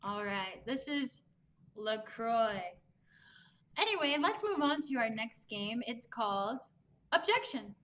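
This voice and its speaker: A woman's voice: fairly high pitch, very animated, takes it slowly, a bit bright, rough recording. A woman hosting a live online improv comedy show, chatty and upbeat. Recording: music playing behind.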